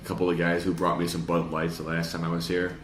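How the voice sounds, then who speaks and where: A man's voice: sits low, monotone, quick pace, reverberant. A man with a Chicago accent hosting a podcast in casual chat, rambling and joking with lots of fillers. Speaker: podcast host.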